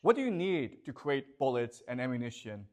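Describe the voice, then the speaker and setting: A man's voice: mid-range voice, very animated, moderate pace. A male professor giving a classroom lecture, emphatic and questioning, who keeps checking in with the class.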